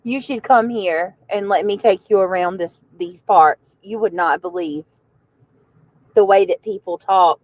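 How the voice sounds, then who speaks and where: A woman's voice: mid-range voice, measured pace, low-quality recording. A woman from the American South chatting with viewers on a livestream while riding in a car, rambling and easily sidetracked. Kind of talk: casual livestream chat.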